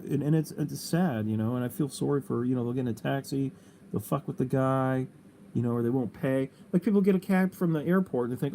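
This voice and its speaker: A man's voice: mid-range voice, a little fast, mellow, a little hiss or hum. A middle-aged man hosting a casual livestream, rambling and swearing freely, with lots of "you know". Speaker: livestream host.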